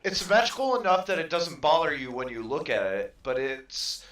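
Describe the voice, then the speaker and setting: Bright-voiced man, heard off-mic. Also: fairly high pitch, brisk, far from the mic. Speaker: podcast producer. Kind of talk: casual chat. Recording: roomy sound, off-mic.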